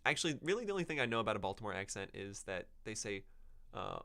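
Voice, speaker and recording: This is a man hosting a podcast, chatting loosely without a script and wandering between thoughts with plenty of ums. His voice sits a little low but sounds bright and forward. It is clean and smooth throughout. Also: big pitch swings, fast talker. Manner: rambling, with many ums and self-corrections. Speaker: podcast host reviewing books. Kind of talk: unscripted casual podcast talk.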